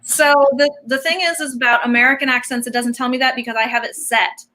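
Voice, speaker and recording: A woman's voice: high-pitched, fairly even intonation, fast talker, sharp tone. A woman hosting a casual online karaoke chat on a video call, explaining things patiently and moving the session along.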